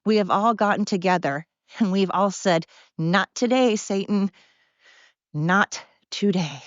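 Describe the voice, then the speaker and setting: Swearing freely and out of breath, a middle-aged podcast host rants casually while walking in the cold, staying blunt and sarcastic throughout. She speaks at a moderate pace and medium pitch, and the lo-fi recording is dull, dry and close with no room sound.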